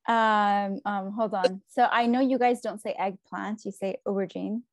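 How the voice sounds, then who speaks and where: A woman from California with an American accent, hosting a relaxed podcast conversation. She talks in a chatty, upbeat way with plenty of fillers. The sound is dry, with no room echo. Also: medium pitch, measured pace. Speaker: podcast host. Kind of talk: casual interview chat. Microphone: remote video call.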